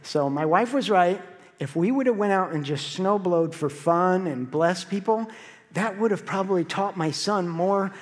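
High-voiced man preaching in a reverberant hall. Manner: storytelling, animated with acted quotes. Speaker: pastor. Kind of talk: sermon. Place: church sanctuary.

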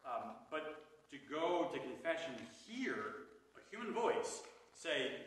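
A male priest giving an animated, conversational adult education talk in a church hall, recorded from a distance. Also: on the high side, moderate pace, a little hiss or hum. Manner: animated, conversational, with acted asides. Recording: echoey room from far off.

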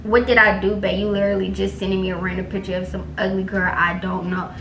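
A young woman vlogs while pranking her boyfriend, reading her texts aloud and chatting animatedly and dramatically to viewers in slangy, casual talk. Her mid-range voice is level, fairly bright, and fast. The room is echoey, with faint music in the background.

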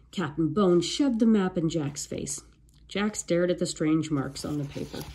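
Slow, expressive woman reading aloud. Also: on the low side, husky. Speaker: storybook reader. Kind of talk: read-aloud storybook narration.

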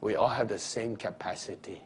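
A man's voice: fairly low pitch, normal speed, slight background noise. A man preaching a sermon and telling stories, acting out the scenes, with loose grammar. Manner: storytelling, acting out scenes with shifting voices; loose non-standard grammar.

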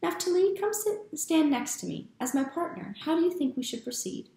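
Woman doing a jovial, high-spirited uncle. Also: very animated, normal speed, dark tone, roomy sound. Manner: jovial and coaxing. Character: cheerful playful uncle, middle-aged man.

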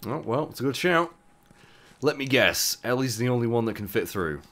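A young man commentating a game playthrough in a chatty way, with loose asides, sounding groggy with a rough morning voice. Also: medium pitch, expressive, normal speed, fairly bright tone. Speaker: gaming YouTuber. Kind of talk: let's play commentary.

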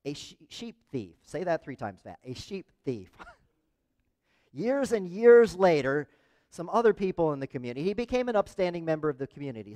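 A man's voice: a little high, a little mellow. A man preaching a conversational sermon as pastor, often asking the congregation questions. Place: church sanctuary. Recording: long reverb of a church hall.

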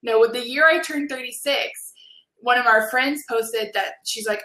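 A woman in her late thirties, a podcast guest chatting casually and telling lively stories. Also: fairly high pitch, moderate pace, roomy sound. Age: 30s. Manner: animated, laughing storyteller. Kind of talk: casual chat.

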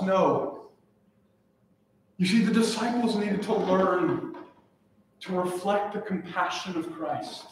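A man's voice: sits high, slow pace, pauses often, a little hiss or hum. Earnest preaching man, echoey church. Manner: earnest, emphatic preaching with repeated phrases. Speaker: pastor. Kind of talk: sermon. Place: church sanctuary. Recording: echoey church from a distant mic.

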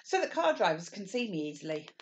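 A woman's voice: lowish voice, big pitch swings, fast, a little hiss or hum. A woman voicing a sensible older girl who explains things matter-of-factly in a children's storybook. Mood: explaining.

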